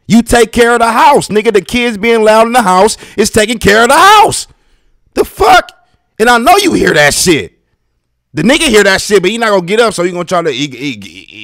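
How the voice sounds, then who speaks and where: A man, hosting a podcast from his house in a casual monologue, ranting profanely and swinging between low mutters and loud outbursts. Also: dry recording, studio quality. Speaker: podcast host.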